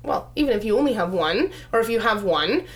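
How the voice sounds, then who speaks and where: A woman's voice: mid-range voice, lively intonation, a little fast. A woman giving parenting advice in a casual chat, conversational with frequent fillers. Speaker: parenting discussion co-host.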